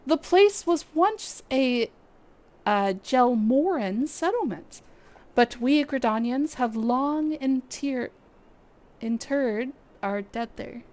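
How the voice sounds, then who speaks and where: A woman reading the lines of a stern male leader of a forest archer guard from a game, in a formal, measured way. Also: high voice, expressive, darkish tone. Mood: grave. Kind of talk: reading game dialogue aloud.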